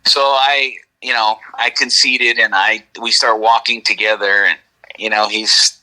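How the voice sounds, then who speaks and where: A middle-aged man, an interview guest, recounts his own encounter in casual, rambling talk, correcting himself and frequently tossing in "right?". His voice is fairly low and level, a little slow, pushed and bright, and the audio is poor.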